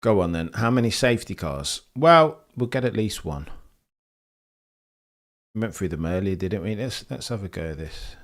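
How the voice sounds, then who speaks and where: A young man hosts a live motor-racing stream, reading out viewer messages and riffing on them. His voice sits low and deep, and his delivery stays chatty and jokey. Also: lively intonation, normal speed. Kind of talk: live race commentary and chat reading.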